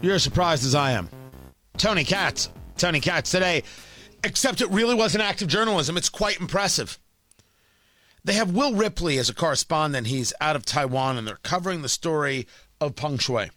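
A man hosting talk radio, delivering an emphatic opinionated monologue that swings from loud scolding to low asides, on a studio mic. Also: lively intonation, normal speed, no echo, faint music behind. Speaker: radio talk show host.

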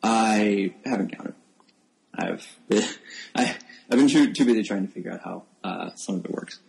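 A man, a software developer and podcast guest, talking casually into a close microphone, hesitant and self-deprecating with many restarts. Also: on the low side, moderate pace, gravelly, poor audio. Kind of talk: casual tech podcast chat. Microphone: new close microphone.

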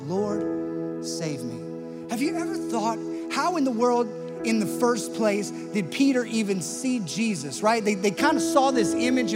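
A man preaching a sermon with passion, swinging from loud emphasis to hushed tones. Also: high-pitched. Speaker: pastor. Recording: long church-hall reverb with faint music.

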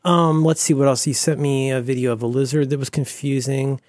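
A man's voice: medium pitch, steady tone, brisk, darkish tone, no echo, clean studio sound. A man co-hosting a podcast in casual chat, playful and joking, always running bits. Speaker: podcast co-host.

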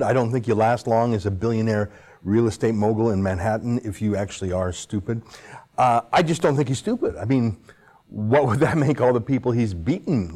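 A man in a sarcastic opinion monologue, needling his targets with rhetorical questions. His voice sits in an ordinary middle pitch, and he swings between quick runs and drawn-out, pointed phrases. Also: warm tone. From Canada. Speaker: political commentator host.

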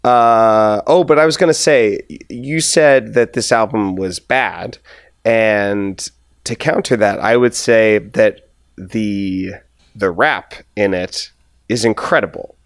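A man's voice: lowish voice, takes it slowly, dry recording, clean studio sound. A man co-hosting a podcast in casual chat, rambling and laughing often, his voice a little strained. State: slightly strained voice. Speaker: podcast co-host.

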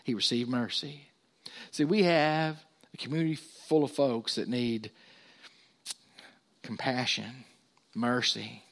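A man preaching a sermon as pastor, lifting his voice when he reads scripture and dropping low and quiet for asides. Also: fairly even intonation, slow, pauses often.

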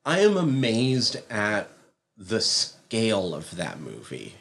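A man co-hosting a casual movie podcast, giving measured opinions. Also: on the low side, huge pitch swings, creaky, a bit bright. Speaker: podcast co-host. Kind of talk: casual chat.

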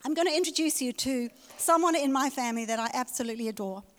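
Emphatic woman pastor, high voice. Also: quick pace. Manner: emphatic, repeats key phrases. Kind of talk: sermon. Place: church hall. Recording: reverberant church hall.

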